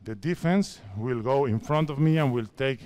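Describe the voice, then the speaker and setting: Spanish-accented coach giving court drills. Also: male voice, mid-range voice, a little mellow, smooth. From Spain. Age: 50s. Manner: halting non-native English, repeats phrases, directs players. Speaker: basketball coach.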